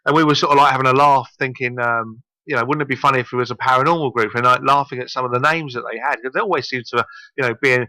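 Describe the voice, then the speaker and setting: Man, southern English accent, radio guest, rambling, self-deprecating, fast, bright. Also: mid-range voice, steady tone, no echo, rough recording. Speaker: paranormal group founder, guest. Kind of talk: casual radio interview.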